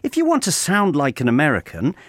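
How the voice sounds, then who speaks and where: A man reading a scripted letter for English learners, measured and wry, with dry humor. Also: fairly high pitch, huge pitch swings, fairly bright tone, no room sound. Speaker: correspondent reading a regular letter.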